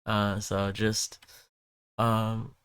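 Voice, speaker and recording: A man's voice: on the low side, completely flat delivery, drawn-out words, a bit bright, clean tone, no echo, studio quality. A young man streaming live, chatting casually and rambling through stories while answering questions from chat.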